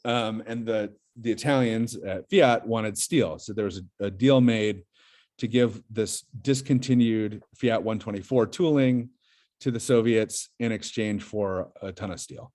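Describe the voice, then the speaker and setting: A man's voice: on the low side, darkish tone. A man as a podcast guest, telling a story in casual chat, rambling with lots of fillers and restarts.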